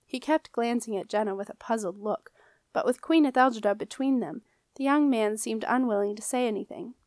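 A woman reads a fantasy novel aloud in a measured, expressive way. Her voice sits a little high for a woman. The recording is dry and close, with no room sound. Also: no echo. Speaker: audiobook reader. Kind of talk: storybook narration.

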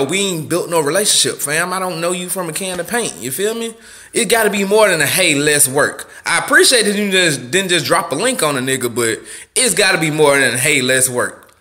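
Casting: high, bright-voiced young male vlogger, blunt and slangy, faint music underneath. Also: a little fast. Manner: blunt, slangy, profane, animated. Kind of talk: casual advice rant.

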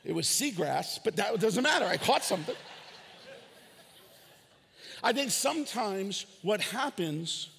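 A man preaching a sermon as pastor, animated, with shouted peaks and acted-out dialogue. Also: sits high, normal speed, gravelly, long pauses, slightly rough, big-room sound. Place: church hall.

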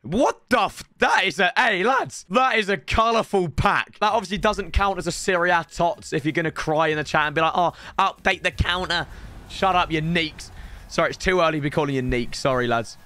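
A hoarse man with a British accent, commentating on a live stream as he opens packs, excitable and breaking into shouts at big reveals. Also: high-pitched, brisk, no room sound.

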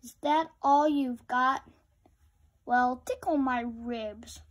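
A woman's voice: sits high, slow pace. A woman voicing a gang of rowdy, taunting skeletons in a storybook read-aloud. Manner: taunting, sing-song chanting.

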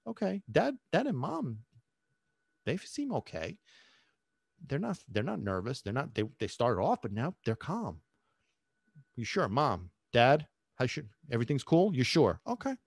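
A man's voice: medium pitch, huge pitch swings, unhurried, creaky, pauses often, slightly rough, no echo, studio quality, heavily acted. A man doing an anxious pet dog. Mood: hesitant.

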